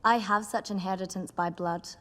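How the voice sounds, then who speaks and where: An actress playing a stern noblewoman in a period drama, firm and flat. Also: medium pitch, normal speed, long reverb tail, slight background noise, natural voice.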